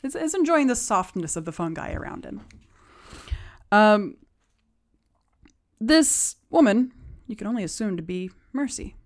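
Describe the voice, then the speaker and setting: A woman narrating a tabletop game as game master, describing scenes with soft asides. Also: medium pitch, very animated, a little slow, pauses often.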